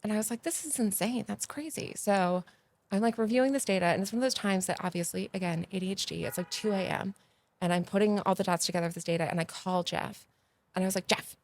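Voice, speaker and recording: A woman, a podcast guest telling stories in a casual, animated way that grows loud and excited. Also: lowish voice, fast. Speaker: podcast guest, agency founder. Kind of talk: casual interview storytelling.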